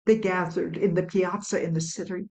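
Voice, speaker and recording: A professional storyteller from Illinois, a woman telling a legend in a measured, dramatic way. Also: lowish voice, fairly even intonation, darkish tone, rough recording. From Illinois, USA.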